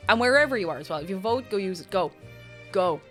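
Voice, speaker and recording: Young adult woman, streamer; casual, animated chat with wide pitch swings, some faint music in the background. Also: fast talker. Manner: animated, self-interrupting, chatty with viewers. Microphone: desk microphone.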